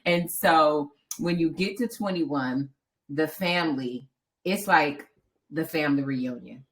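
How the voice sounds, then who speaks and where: A woman with a low voice tells a story on a casual podcast. She is animated and brings in the voices of the people she met along the way. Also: slow. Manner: animated storytelling, acting out other people's lines. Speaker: podcast co-host and marathon runner.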